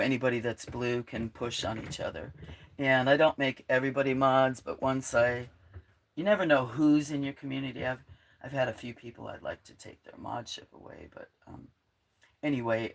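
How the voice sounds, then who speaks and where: A woman with a croaky, frog-like voice hosting a casual livestream, rambling, laughing often and reading out her chat. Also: a bass voice. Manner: chatty, rambling, laughs often, drops to a near whisper at times. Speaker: livestream host.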